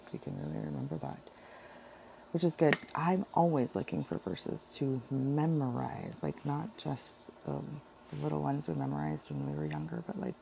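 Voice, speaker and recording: A woman chatting casually about her Bible devotions, rambling and correcting herself often, with a heavy vocal fry. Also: sits low, warm tone, slight background noise, low-quality recording. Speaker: vlogger sharing Bible devotions.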